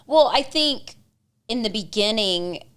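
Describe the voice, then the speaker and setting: A young adult woman co-hosting a casual chat, telling animated stories with quoted dialogue and laughter. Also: on the high side, slow pace, smooth. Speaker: co-host.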